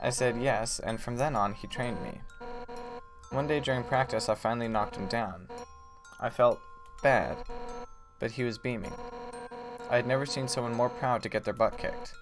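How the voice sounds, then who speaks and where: A man voicing a brash, hot-headed female fish warrior, reading game dialogue aloud in a loud, blunt way. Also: medium pitch, moderate pace, long pauses, lightly acted. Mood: earnest. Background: game music.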